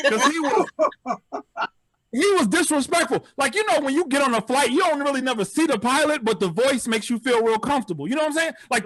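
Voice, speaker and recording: Over a video call, a man performs a virtual stand-up set, spinning stories punctuated by animated, disbelieving outbursts. His voice sits at an extremely high pitch, and the recording is dry.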